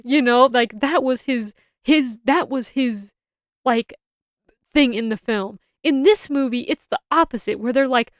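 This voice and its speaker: A woman's voice: on the high side, measured pace, no room sound, clean studio sound. A young adult woman giving a casual, opinionated film review, rambling and often restarting her sentences.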